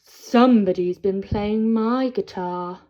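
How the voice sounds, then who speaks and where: A woman voicing a father troll who complains loudly and emphatically. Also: mid-range voice, takes it slowly, close to an everyday voice. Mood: indignant. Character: father troll, gruff and indignant. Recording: dull lo-fi sound.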